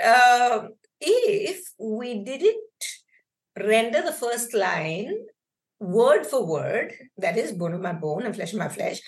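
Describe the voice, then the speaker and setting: A woman scholar answering interview questions in a measured way, pausing often with ums and uhs. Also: a little high. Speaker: guest, Old Testament scholar.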